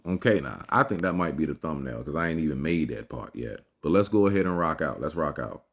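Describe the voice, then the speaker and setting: A man's voice: very deep voice, expressive, a little fast. A man hosting a reaction video, giving casual, slangy commentary and swearing freely.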